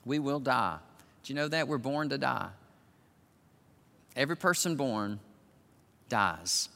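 An older man preaching as a pastor, moving from quiet musing to loud, emphatic declarations. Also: medium pitch, lively intonation, a little slow, creaky. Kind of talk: sermon. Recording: long reverb of a large hall.

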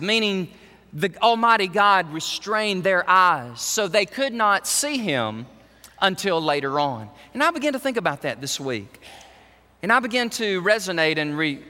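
A man preaching a sermon as pastor, animated and acting out the voices of scripture. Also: high voice. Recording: long hall reverb.

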